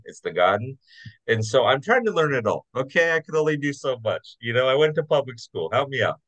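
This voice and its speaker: A man's voice: medium pitch, lively intonation, fairly quick, a bit bright, no room sound, highs cut off. A man hosting a podcast, enthusiastic and jokey, repeating himself as he wraps up an interview. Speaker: podcast host.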